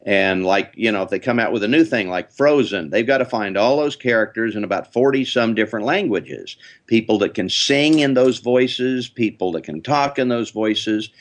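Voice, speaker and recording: An older man, a voice actor, telling lively interview anecdotes. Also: lowish voice, normal speed. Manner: lively storyteller, slips into character voices. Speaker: voice actor guest.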